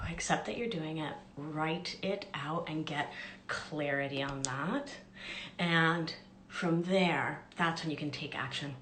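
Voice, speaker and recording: A woman's voice: sits low, fairly bright tone. A woman life coach and podcast host, chatting casually on a live stream with upbeat, self-deprecating asides. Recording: echoey room with faint background noise.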